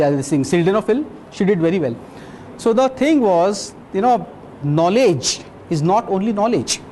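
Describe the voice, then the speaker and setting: A man giving a medical lecture as a physician, telling a case story in a lively, blunt way and quizzing his audience. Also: sits high, slight background noise.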